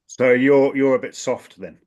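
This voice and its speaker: Man from southern England, host, curious and probing with quick questions. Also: mid-range voice, a little mellow, dull audio. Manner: curious, asks short follow-up questions. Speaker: language coach host. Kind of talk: casual interview.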